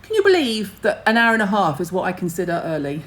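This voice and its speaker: A woman's voice: mid-range voice, very animated, fast, a bit bright, low-quality recording. A middle-aged woman, hosting a casual skincare livestream and chatting to viewers in a blunt, rambling way, with the odd casual swear.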